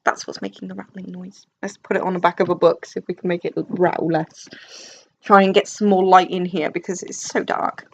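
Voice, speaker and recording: A woman's voice: fairly low pitch, level tone, fairly quick, creaky, slight background noise. Chatty young woman, slightly dull recording. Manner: chatty, self-deprecating, many fillers and restarts. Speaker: book vlogger. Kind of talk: casual chat. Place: dim room at home.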